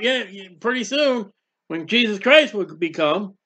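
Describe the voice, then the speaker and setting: Fervent high-voiced man preaching. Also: expressive, measured pace, pushed and bright. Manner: fervent, repetitive preaching with rhetorical questions and acted-out prayers. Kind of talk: sermon.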